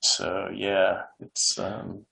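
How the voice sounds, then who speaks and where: Low-voiced man reading case accounts. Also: level tone, drawn-out words, vocal fry, bright, forceful tone, rough recording. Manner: reads quoted accounts with frequent ums and restarts. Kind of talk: casual reading aloud from books.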